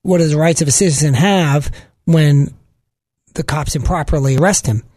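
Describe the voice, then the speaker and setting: Law prof guy on the radio, pretty high voice, calm and explainy, dry sound. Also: no room sound. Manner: measured, explanatory. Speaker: law professor guest.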